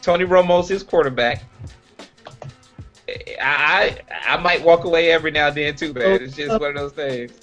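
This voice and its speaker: A man's voice: a little high, moderate pace, fairly bright tone, faint music behind. A man co-hosting a casual sports podcast, joking and emphatic in banter. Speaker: podcast co-host. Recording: dull lo-fi podcast audio.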